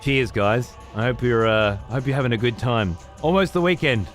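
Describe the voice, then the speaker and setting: A man's voice: medium pitch, normal speed, soft background music. A man streaming a game, chatting casually in a rambling, heavily profane way.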